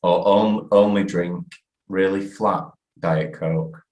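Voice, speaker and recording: Host in casual chat: man, very low voice, quick laughs, echoey room. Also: steady tone, darkish tone. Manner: laughs easily, asks questions. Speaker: podcast host.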